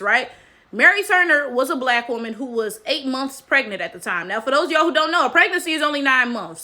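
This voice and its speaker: Bright high-voiced woman, emphatic commentary. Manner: emphatic, repeats "right?" as tag question. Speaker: commentary channel host. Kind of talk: casual commentary monologue.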